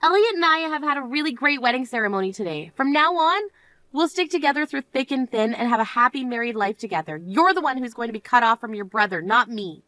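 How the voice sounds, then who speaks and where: A self-assured young bride, played by a woman, speaking high and firm without backing down. Her tone stays clear and direct. Recorded dry and close to the mic. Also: expressive, fast talker, sharp tone, no echo. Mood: cool firm. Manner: indignant, then cool and firm. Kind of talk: amateur voice drama.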